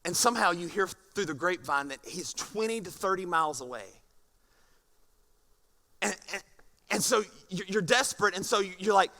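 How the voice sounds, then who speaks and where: A man preaching a sermon as pastor, animated and often repeating words. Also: sits high, moderate pace, long pauses.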